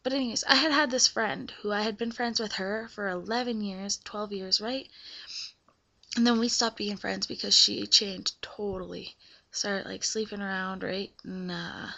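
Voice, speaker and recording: Young woman, vlogger, casual confessional storytelling, chatty with fillers, bright tone, muffled lo-fi webcam sound. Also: mid-range voice, fairly even intonation, moderate pace, gravelly. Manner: chatty, filler-heavy, keeps checking in with the listener.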